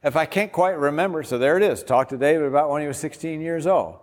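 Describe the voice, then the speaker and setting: A man's voice: on the high side, fast. A man, a pastor, giving an enthusiastic, informal workshop talk while demonstrating an app step by step. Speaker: pastor presenting a discipleship app. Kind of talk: workshop presentation. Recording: long hall reverb.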